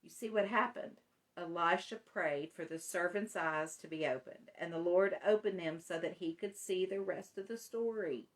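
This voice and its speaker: Woman giving a casual devotional, low-pitched. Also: normal speed, low-quality recording. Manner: warm-hearted, self-deprecating, reads scripture aloud with emphasis. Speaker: devotional host.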